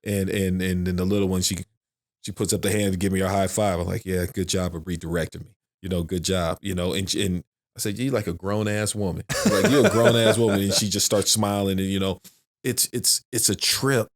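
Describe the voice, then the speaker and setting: A man's voice: low-pitched, little pitch movement, fairly quick. A middle-aged man in casual podcast chat, rambling and repeating himself, swearing now and then. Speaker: podcast guest.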